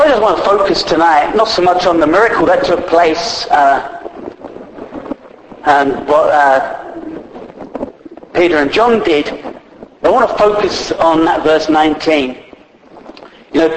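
Retelling scripture in everyday language peppered with fillers, a man delivers a sermon at a moderate pace in a slightly high voice. The recording is echoey, with faint noise in the background.

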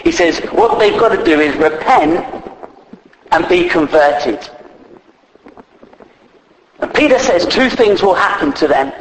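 A man's voice: high-pitched, lively intonation, measured pace, long pauses. A man preaching a sermon, retelling scripture in plain conversational speech with frequent fillers. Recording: echoey, faint background noise.

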